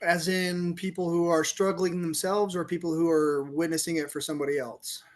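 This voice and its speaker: A middle-aged man, a police officer turned author, telling a story on a podcast in a lively, laughing way and acting out the quotes. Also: a little high, moderate pace. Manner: animated storyteller, laughs often, acts out quotes. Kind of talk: casual storytelling interview.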